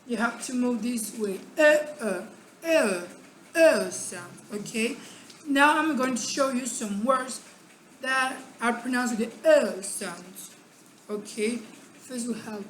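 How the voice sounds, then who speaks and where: Woman, pronunciation teacher, slow careful delivery, repeats words, echoey room. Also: a little high, fairly bright tone, slight background noise. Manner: deliberate, repeats words for demonstration. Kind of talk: pronunciation lesson. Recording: echoey room with faint background ambience.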